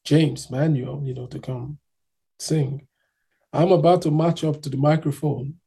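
A man's voice: fairly high pitch, steady tone, measured pace, creaky, mellow, breathy edge. A man from Nigeria telling his own story in casual chat, acting out other people's voices as he goes.

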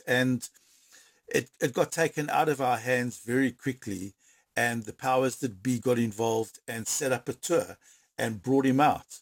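A man recounting a story in an interview, animated, speeding up in bursts and repeating words. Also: medium pitch, a little slow, dry recording.

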